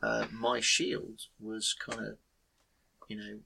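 A man playing a tabletop game, speaking in a hesitant, halting way. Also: fairly low pitch, monotone, creaky, background noise. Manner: hesitant, halting in-character speech. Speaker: player. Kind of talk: tabletop role-play chat.

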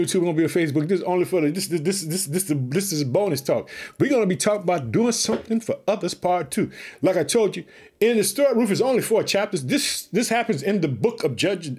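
A man preaching an energetic podcast sermon, fervent and repetitive, calling his listeners family and shouting hallelujah. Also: high-pitched, fast, breathy edge. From Chicago, United States. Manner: repeats catchphrases, calls listeners family.

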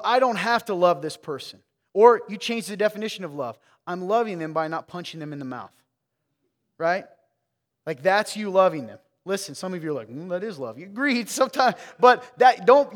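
A man's voice: sits high, in a large hall. A man preaching a sermon as pastor, frank and joking, talking to his congregation in a conversational way. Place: church sanctuary.

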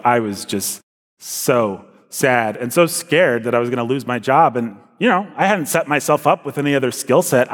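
Young adult man, earnest conversational testimony, mid-range voice, long hall reverb. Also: medium pitch. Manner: earnest, conversational, with frequent fillers and restarts. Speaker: speaker sharing a personal testimony. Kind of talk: casual spoken testimony.

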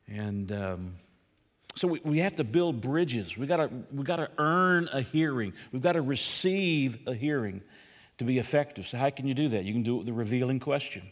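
An older man teaching a sermon as pastor, conversational, repeating himself and putting questions to his listeners. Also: medium pitch. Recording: long reverb from a hall.

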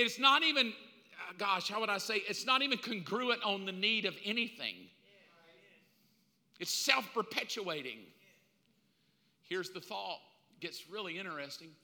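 A man preaching a sermon in an animated way, swinging between loud and hushed delivery. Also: sits high. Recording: long hall reverb.

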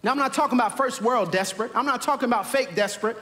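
High-voiced, bright preaching man. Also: rapid-fire, big-room sound. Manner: preaching with rising, emphatic repetition. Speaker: pastor. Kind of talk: sermon. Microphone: camera mic, livestream to viewers.

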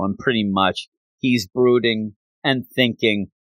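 A man casually retelling a comic book story in a chatty, animated way, acting out the scenes as he goes. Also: mid-range voice, measured pace, no room sound.

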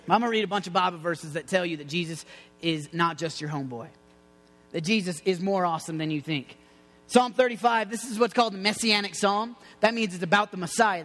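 A man preaching an excitable, joking sermon, like a youth pastor, full of playful asides. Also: high voice, in a large hall. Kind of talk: lively sermon.

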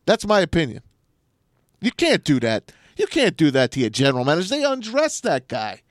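A man in a radio studio hosting sports talk, his voice sitting a little high. He talks in a brash, emphatic way, trading jokey banter with his co-host. The sound is dry and close. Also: huge pitch swings, fairly quick, dry recording. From New Jersey.

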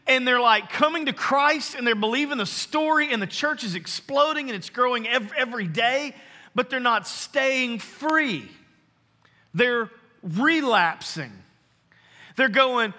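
A man preaching a sermon to his congregation, earnest and emphatic, slowing down to stress key phrases. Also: very high voice, expressive, pushed and bright. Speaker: pastor. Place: church sanctuary. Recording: long hall reverb.

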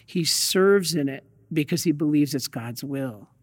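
A Catholic priest giving a conversational sermon, telling stories with folksy asides and light humor. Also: male voice, fairly high pitch, unhurried, in a large hall.

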